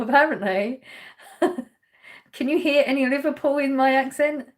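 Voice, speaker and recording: A woman's voice: a little high, fairly even intonation, a little slow. A woman hosting a casual livestream, reading viewer comments aloud, laughing often and trailing off mid-sentence. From Essex, England. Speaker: livestream host.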